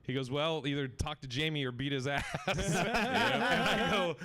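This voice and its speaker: A comedian telling swearing, animated stories with acted-out quotes on a podcast. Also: male voice, on the high side, measured pace. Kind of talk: storytelling on a podcast.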